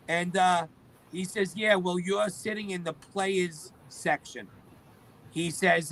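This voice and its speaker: A middle-aged man, a guest telling lively stories and acting out the dialogue. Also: high voice, takes it slowly, slight background noise, rough recording. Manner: animated storyteller acting out quoted dialogue. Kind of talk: storytelling interview.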